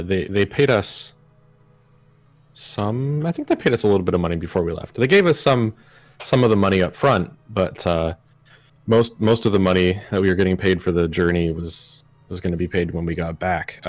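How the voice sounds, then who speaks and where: A man speaking as a player in a tabletop game, halting and casual with many fillers. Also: low-pitched, no echo. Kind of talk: tabletop game role-play.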